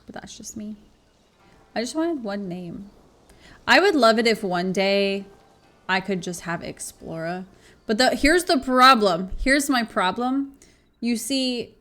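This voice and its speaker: A woman's voice: fairly high pitch, a bit bright. A woman streaming a game live, chatty and giggly, talking to her viewers and swearing now and then. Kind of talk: casual chat while gaming on stream.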